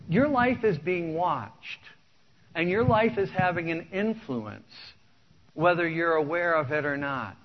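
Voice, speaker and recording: Man, pastor, conversational sermon, earnest, stammered restarts, dull lo-fi sound. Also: on the high side. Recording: dull lo-fi recording.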